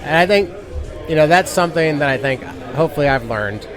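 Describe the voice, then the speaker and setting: A man on a live panel who gives relaxed, practical advice about running games and swears now and then. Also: fairly high pitch, fairly quick. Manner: relaxed, advisory, mildly profane. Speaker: veteran dungeon master guest. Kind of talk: casual panel chat. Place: outdoor festival stage. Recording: live outdoor recording with crowd. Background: crowd chatter.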